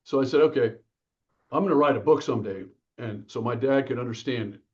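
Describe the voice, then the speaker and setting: In a casual interview, an author tells stories in a lively, energetic way and acts out the quotes. His voice sits in the mid range and moves a little fast, and the audio is dull.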